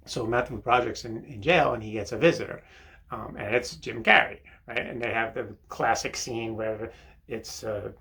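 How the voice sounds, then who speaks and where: An older man with a medium-pitched, creaky, bright voice speaks at a normal pace in a steady, forceful tone. He hosts a rambling comedy monologue while sitting on a toilet in a bathroom, peppered with fillers and "right?".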